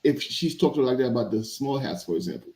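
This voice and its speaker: A man speaking as a guest in a casual panel discussion, animated and emphatic. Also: medium pitch, quick pace, reverberant.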